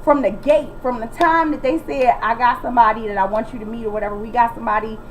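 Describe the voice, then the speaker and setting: A woman's voice: fairly high pitch, fairly even intonation, a little hiss or hum, poor audio. Sassy, blunt woman recapping a reality show. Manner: sassy, blunt, quick to mimic people and break into song. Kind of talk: casual recap commentary.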